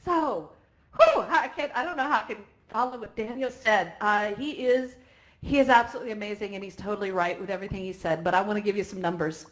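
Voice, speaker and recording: A woman speaking as organizer at a conference closing ceremony, excited and emotional, laughing often. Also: medium pitch, fast. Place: virtual reality event.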